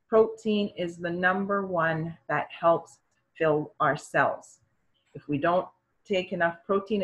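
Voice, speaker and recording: A woman's voice: on the low side, highs cut off. Middle-aged woman telling her health story. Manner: animated, acts out quoted voices of doctors and parents. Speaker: storyteller sharing her experience. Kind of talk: personal health story, conversational.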